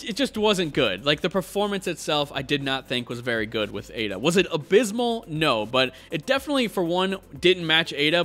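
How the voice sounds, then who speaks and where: A man ranting passionately as a video game commentator. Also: a little high. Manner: passionate, animated. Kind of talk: opinionated rant.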